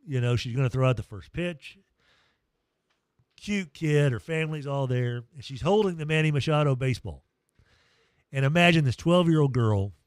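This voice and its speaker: Man, sports radio host, casual storytelling, animated, medium pitch. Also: no room sound, studio quality. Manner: animated storytelling, emotional and self-deprecating. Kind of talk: casual morning radio chat. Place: radio studio.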